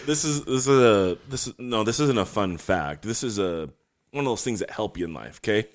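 A man's voice: fairly low pitch, animated, fairly quick. A man co-hosting a podcast, rambling and swearing, often breaking into laughter during crude banter with friends. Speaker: podcast co-host.

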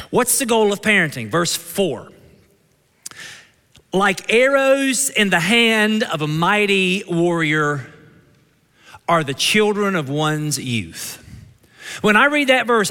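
A pastor with a Kentucky twang preaching an energetic sermon. He jokes with the congregation and calls out for amens. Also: high voice. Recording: long reverb of a church hall.

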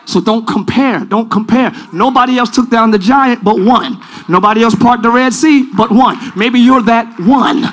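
A man preaching a live church sermon, leading the congregation in call-and-response and often shouting. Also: very high-pitched, normal speed. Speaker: pastor. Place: large church sanctuary.

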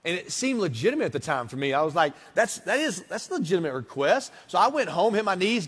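A man's voice: high-pitched, sing-song, quick pace, few pauses, breathy edge. Man in his thirties preaching a sermon. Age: 30s. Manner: conversational, swings from hushed to emphatic. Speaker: pastor. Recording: long hall reverb.

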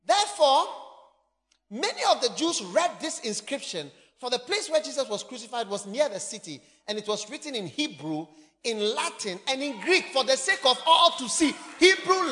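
High, animated man preaching in an echoing hall. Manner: animated, emphatic, bursts into shouts. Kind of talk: sermon reading and explaining scripture.

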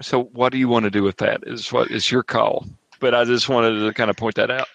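A man's voice: medium pitch, flat delivery, fairly quick, vocal fry, a bit bright, slight background noise. A man running a tabletop horror game as game master, narrating loosely and casually with frequent swearing.

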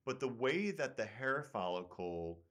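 A man's voice: mid-range voice, sing-song, unhurried, a bit bright. A man with a Midwestern American accent, a surgeon hosting a casual medical talk show and explaining studies with fillers. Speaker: surgeon and podcast host.

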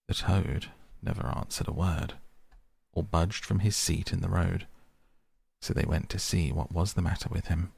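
A man reading a storybook aloud in a slow, measured narration. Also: low-pitched, vocal fry, darkish tone, slightly rough, no echo. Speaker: audiobook narrator.

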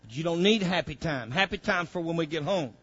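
A man preaching a sermon as pastor, calling out to the congregation and swelling into fervent, loud passages. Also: a little high, animated, fairly quick, breathy edge, muffled recording. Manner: preaching with call-outs to the congregation, rising to loud fervor.

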